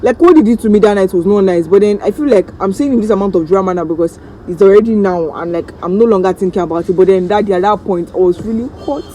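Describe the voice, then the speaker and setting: A Nigerian woman vlogger telling a story-time tale in an animated, dramatic way, acting out the voices of the people in it. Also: mid-range voice, quick pace, few pauses, slight background noise, rough recording.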